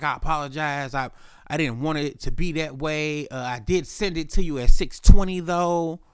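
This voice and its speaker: A man's voice: a little high, fairly bright tone, dry recording, clean studio sound. Profane man telling a work story. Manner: loose profane storytelling, voices the boss; clears throat often. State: sick. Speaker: podcast host. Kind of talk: casual storytelling.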